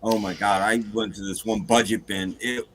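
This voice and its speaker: Low-voiced rambling man, faint noise. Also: steady tone, normal speed, fairly bright tone. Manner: rambling, nostalgic storyteller, trails off. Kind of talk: casual group chat.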